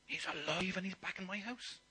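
A man's voice: sits high, fairly quick, bright, forceful tone, husky, voice pushed up, full character voice, rough recording. A man voicing a loving older father, exuberant and calling out in joy. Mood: overjoyed. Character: loving older father, overjoyed at his son's return.

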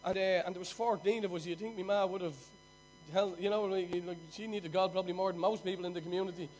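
High-voiced Irish preacher, swinging loud and soft. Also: male voice, fairly even intonation, fast talker, a little hiss or hum, rough recording. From Ireland. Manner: storytelling with sudden loud bursts and hushed drops. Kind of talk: sermon.

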